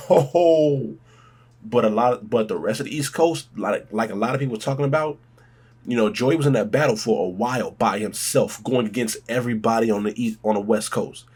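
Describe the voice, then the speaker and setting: Hyped husky guy doing a music reaction, rambling on, drawn-out exclamations. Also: medium pitch, a little mellow. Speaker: reaction video host. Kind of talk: casual music reaction commentary.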